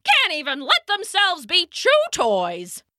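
A woman's voice: very high-pitched, sing-song, unhurried, dry recording, clean studio sound, voice pushed up, full character voice. A woman doing an overexcited young dog. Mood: grumbling. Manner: shouty, overexcited, breathless outbursts. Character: excitable young male pet dog, treat-obsessed. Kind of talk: storybook character voice.

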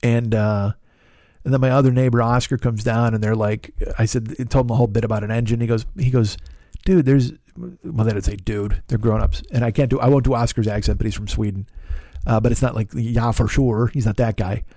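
A man's voice: lowish voice, fairly even intonation, brisk, warm tone, dry recording, studio quality. A man hosting a podcast, telling a rambling, profane, self-deprecating story in a casual monologue. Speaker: podcast host.

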